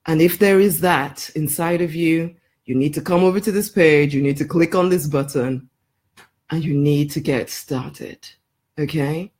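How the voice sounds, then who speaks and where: This woman's voice is low, a little slow, and somewhat mellow. She's a life coach delivering a promotional live video talk to camera with emphasis, going over her points again, addressing the listener as honey, and breaking into laughter between phrases.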